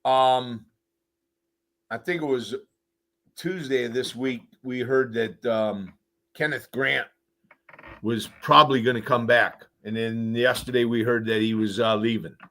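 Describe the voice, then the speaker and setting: A man's voice: medium pitch, steady tone, unhurried, sharp tone. A man, a former player appearing as a guest, giving direct, emphatic opinions in casual sports talk.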